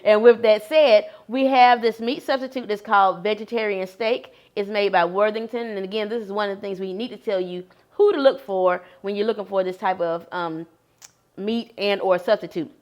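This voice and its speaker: A woman co-hosting a cooking demonstration, explaining steps in a calm, explanatory way. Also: medium pitch, moderate pace.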